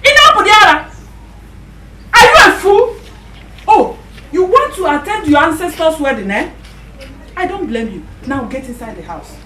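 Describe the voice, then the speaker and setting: A fierce, shrill Nigerian village mother. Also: sing-song, normal speed, pauses often, noisy background. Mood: scolding. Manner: shouting threats and curses. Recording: echoey room heard from a distance.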